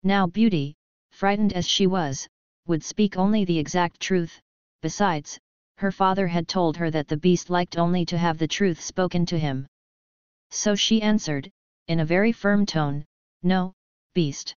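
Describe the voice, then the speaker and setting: A woman reads a fairy tale aloud in an even, measured manner. Her voice is low and very clear, recorded dry and close with a dull, lo-fi sound. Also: dry recording. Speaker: audiobook narrator. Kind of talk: storybook narration.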